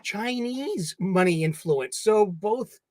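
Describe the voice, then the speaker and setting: A man's voice: high voice, expressive, slow pace, darkish tone, dry recording. A man hosting his own casual solo livestream from a home studio, playful and jokey, chatting to the stuffed animals around him. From United States. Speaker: livestream host.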